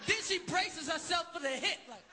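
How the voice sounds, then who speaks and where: A male stand-up comedian with a high, lively voice tears through a profane routine, shouting in bursts. The roaring crowd and heavy noise of a live show sit right under him. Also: moderate pace. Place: comedy stage before live audience.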